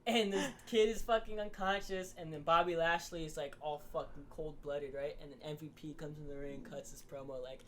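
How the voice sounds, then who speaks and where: A man's voice: fairly high pitch, little pitch movement, fast talker, hardly any pauses, fairly bright tone, slight background noise. A man co-hosting a casual podcast, ranting with heavy swearing and acting out quotes. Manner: heavily profane, ranting, acts out wrestler quotes. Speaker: podcast co-host.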